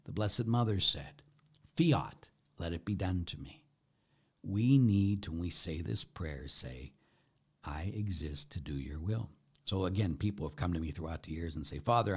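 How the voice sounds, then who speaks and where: A middle-aged man, a Catholic priest, preaching a casual, animated sermon and acting out little dialogues. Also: low-pitched. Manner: animated, acts out dialogue in voices.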